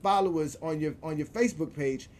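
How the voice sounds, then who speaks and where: A man hosting his own vlog, ranting in an animated, profane way with frequent laughter and repeated words. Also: on the high side, brisk. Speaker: show host.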